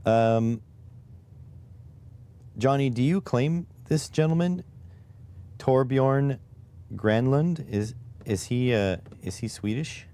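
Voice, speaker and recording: A man's voice: medium pitch, slow, pauses often, mellow. A man from Canada chatting casually on a live stream, muttering to himself while typing and reading chat. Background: keyboard typing.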